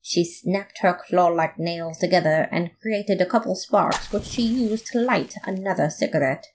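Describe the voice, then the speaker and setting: A woman reading a comic fan story aloud in playful, expressive first-person narration. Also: fairly low pitch, measured pace, slight background noise. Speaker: podfic reader.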